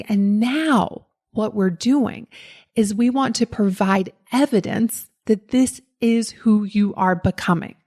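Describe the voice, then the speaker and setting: Woman, faint Southern US accent, podcast host, motivational talk, lively storyteller, mid-pitched voice. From Southern United States. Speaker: podcast host and life coach.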